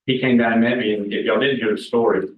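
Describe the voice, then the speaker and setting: A man's voice: lowish voice, fairly even intonation, quick pace, recorded from a distance, slight background noise. Folksy man speaking to a room. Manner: folksy, candid, joking with the audience. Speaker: guest speaker at a real estate team meeting. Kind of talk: casual storytelling talk to a room. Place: meeting room. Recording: echoey room recorded from afar, dull sound.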